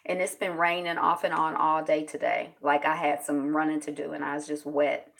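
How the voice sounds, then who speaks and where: A woman hosting a casual live news commentary, chatting with viewers and greeting them by name, sometimes breaking into loud exclamations. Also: sits low, little pitch movement, creaky. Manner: chatty, greets viewers in the chat, quick laughs. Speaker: host of a news commentary channel.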